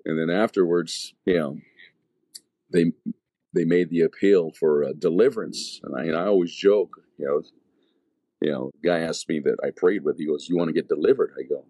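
A man's voice: rumbling low, moderate pace, dark tone, breathy edge, dry recording. A man, an evangelist, telling his conversion testimony in casual, slangy talk full of fillers and restarts.

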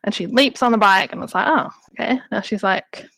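A chatty woman host recapping a movie plot with wry asides, slipping into the characters' lines as she goes. Her voice is mid-pitched and recorded dry and close. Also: brisk, fairly bright tone, no room sound, rough recording. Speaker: podcast host reviewing a film. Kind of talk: casual chat.

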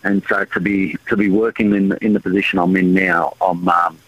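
A man's voice: low-pitched, fairly even intonation, a little fast, breathy edge, dry recording, muffled recording. A man with an Australian accent, a boxing promoter and former rugby league player, answering questions in a laid-back, modest way over a radio line. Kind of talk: casual radio interview.

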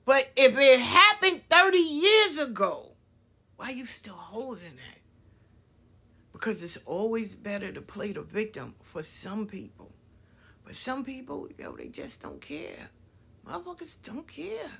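A woman's voice: fairly high pitch, measured pace, creaky, breathy edge. A woman speaking her mind in a casual monologue, blunt and profane, acting out other people's lines as she goes. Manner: blunt, profane, animated storytelling with acted-out quotes.

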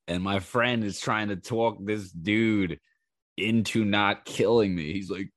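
Guy with a lowish voice on his podcast, telling crazy stories, swearing and laughing, doing everybody's lines, dry close sound. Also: measured pace, no room sound. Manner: animated, acts out quoted lines in raised voices. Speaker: podcast host. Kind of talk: casual storytelling monologue.

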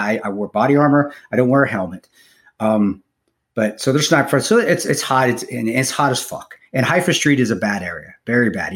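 A middle-aged man on a podcast telling a personal story in a casual, halting, profane way, with many restarts. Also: fairly low pitch, a bit bright. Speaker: podcast co-host, former contractor.

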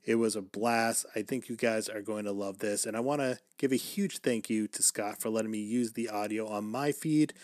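A man's voice: lowish voice, steady tone, normal speed, hardly any pauses, darkish tone, no echo, clean studio sound. Upbeat man talking podcast. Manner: upbeat, laughs easily, self-mocking. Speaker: podcast host. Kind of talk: casual podcast chat.

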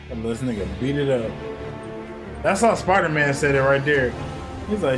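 A man's voice: mid-range voice, moderate pace, long pauses, over music. A man hosting a casual film review podcast, swearing and acting out quotes as he tells the story. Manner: profane, animated storytelling with acted-out quotes. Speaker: podcast host.

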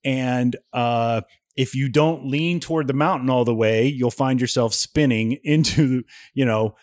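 Speaking at a measured pace with a medium-pitched voice, this man co-hosts a podcast and tells a story in casual conversation. He's an animated storyteller who acts out other people's lines, and the studio-quality audio has no room sound.

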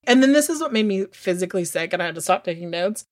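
A woman co-hosting a podcast, telling stories in a lively, frank way and swearing now and then. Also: mid-range voice, fast talker. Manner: animated storytelling with frank swearing. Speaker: podcast co-host. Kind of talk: casual chat.

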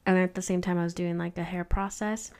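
A woman co-hosting a podcast, telling a story in casual chat, animated and full of "like". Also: on the low side, a little fast, smooth. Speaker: podcast co-host, hair stylist.

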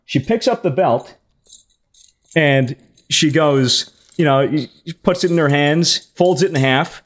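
A man's voice: fairly high pitch, takes it slowly. A young man animatedly telling a story to friends, swearing and laughing as he goes. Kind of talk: casual storytelling chat.

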